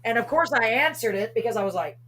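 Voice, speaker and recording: A woman hosting a live chat show, telling ghost stories in a lively way and acting out what she said back then. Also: a little high, quick pace, a little hiss or hum. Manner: animated storyteller, acts out her own past words. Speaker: host.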